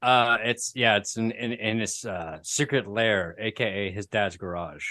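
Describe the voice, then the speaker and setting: A man's voice: fairly low pitch, measured pace, bright, forceful tone, no echo, clean studio sound. A man playing a tabletop game, chatting casually and hesitantly, often restarting himself. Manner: hesitant, self-interrupting. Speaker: player.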